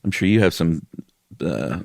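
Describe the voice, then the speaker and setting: A man co-hosting a podcast in casual chat, relaxed, rambling and self-deprecating. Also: deep voice, a little slow, vocal fry, no echo, clean studio sound. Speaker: podcast co-host.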